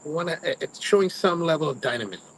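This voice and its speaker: A man's voice: a little high, animated, fast talker, gravelly, a bit bright, a little hiss or hum, poor audio. A man hosting a cigar review, chatting casually to live viewers and rambling through personal stories. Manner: rambling storyteller, mimics his own grumbling.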